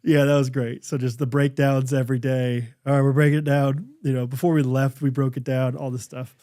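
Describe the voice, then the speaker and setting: A man's voice: mid-range voice, a little fast, no echo, studio quality. A young man co-hosting a podcast, telling a hunting story in casual chat with lots of fillers. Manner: animated storyteller, many fillers. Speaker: podcast co-host. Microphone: studio microphone.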